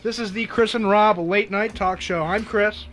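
A man's voice: high-pitched, fairly even intonation, normal speed, fairly bright tone. A man hosting a late-night radio talk show, goading a caller with a tongue twister in a teasing, mock-bossy way.

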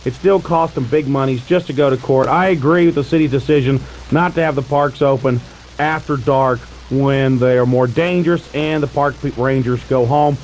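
A man's voice: mid-range voice, steady tone, moderate pace, darkish tone, a little hiss or hum, low-quality recording. A man co-hosting a casual radio talk show, arguing his case at length with dry teasing. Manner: argumentative, wordy, dry teasing.

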